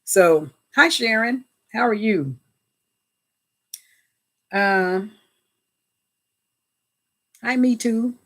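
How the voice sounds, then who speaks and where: Woman, livestream host, animated and chatty, greets chat by name, devout asides. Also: fairly high pitch, extremely slow, pauses often. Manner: often invokes God and Jesus.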